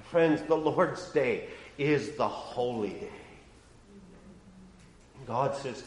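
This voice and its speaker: A male pastor preaching a sermon, swinging from hushed, low lines to loud, rising ones. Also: animated, slow pace, pauses often, roomy sound.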